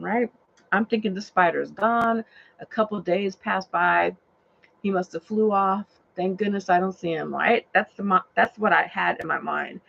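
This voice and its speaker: A woman rideshare driver with a medium-pitched, gravelly voice tells a story from her car at a brisk pace. She's animated and excitable, constantly saying "like" and "oh my God," and the recording has a dull lo-fi sound.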